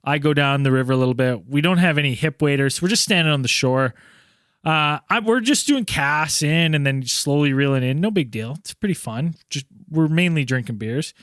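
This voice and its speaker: A man hosting a casual podcast, telling a story in an animated way with lots of swearing. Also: fairly high pitch, moderate pace, clear, resonant tone, dry recording, clean studio sound. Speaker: podcast host.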